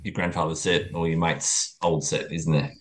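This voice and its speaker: Low-voiced man chiming in briefly. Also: little pitch movement, normal speed. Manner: brief agreeing interjections. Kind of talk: casual podcast chat.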